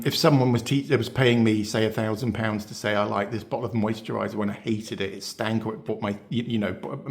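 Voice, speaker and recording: On his beauty channel, a man chats casually to the camera in a mid-range voice with a darkish tone. His talk rambles, packed with fillers, restarts and rhetorical questions.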